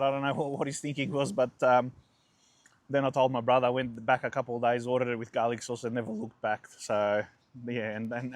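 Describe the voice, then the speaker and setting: Australian man, 40s, mid-range voice, relaxed rambling food vlogger. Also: medium pitch. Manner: chatty, relaxed, rambling anecdotes with restarts. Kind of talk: casual food vlog storytelling.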